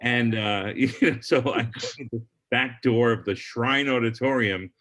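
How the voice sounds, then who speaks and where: A man's voice: mid-range voice, unhurried, fairly bright tone. A middle-aged man, a comedian on a podcast telling a long story and acting out the people in it.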